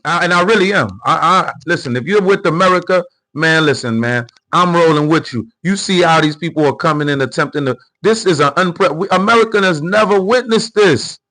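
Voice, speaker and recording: Speaking a little fast with few pauses, a man with a slightly high, sharp-toned voice hosts a livestream commentary show over poor audio. He rants heatedly and profanely, repeating himself, and reads viewer comments out loud.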